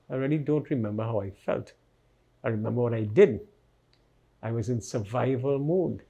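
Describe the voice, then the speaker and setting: With a medium pitch and a breathy edge, an older man recounts his life in a relaxed interview. He relives events quietly but vividly, often ending sentences with a tag question.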